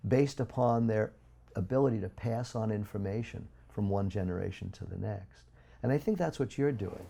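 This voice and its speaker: A low, gravelly man holds forth as an interview guest. His dark, mellow voice swings from loud, punchy bursts to quiet asides. He talks in an emphatic, preaching way. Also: normal speed. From United States. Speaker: guest speaker. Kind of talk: interview talk.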